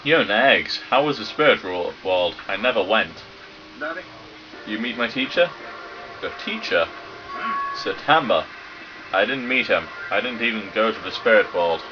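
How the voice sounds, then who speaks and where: A man's voice: lowish voice, animated. A British man reading game dialogue aloud and joking and swearing through a let's play. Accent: British English. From Britain. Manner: sweary, joking, does quick silly voices for characters. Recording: dull lo-fi sound with game music behind. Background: game music.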